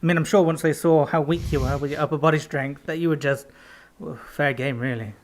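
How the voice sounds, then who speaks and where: A man with a fairly high voice chats on a casual podcast, teasing his co-host and laughing easily. He keeps the banter playful and light. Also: fairly even intonation, brisk.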